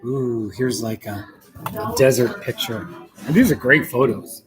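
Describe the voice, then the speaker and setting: A man's voice: mid-range voice, measured pace, music in the background, low-quality recording. A man hosting a casual stream, reading aloud from a book and breaking off to comment on the pictures and laugh. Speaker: host. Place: coffee shop. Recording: busy café with crowd chatter. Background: crowd chatter.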